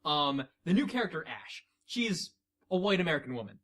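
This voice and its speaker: A man co-hosting a podcast, recapping news in relaxed casual chat. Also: a little high, fairly quick. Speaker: podcast co-host.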